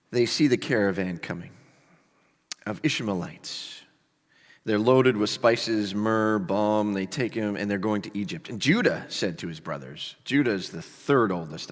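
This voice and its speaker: A male pastor preaching a sermon with animated storytelling and casual asides to the congregation. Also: on the low side. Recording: long hall reverb.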